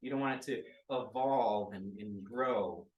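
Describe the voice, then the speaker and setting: A grandiose villainess , put on by a man, booms out her lines in a pompous, declaiming way. The voice sits in a roomy space and is picked up from some distance. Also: lively intonation, measured pace, a bit bright, muffled recording. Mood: condescending. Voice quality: booming. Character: grandiose evil sorceress villain, woman, theatrical. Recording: roomy sound from a distant mic.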